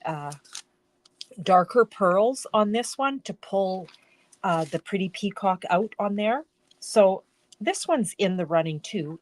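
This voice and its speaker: A woman with a medium-pitched voice and no room sound hosts a casual card-making live stream from her home craft room. She chats in a rambling way, often breaking off mid-sentence.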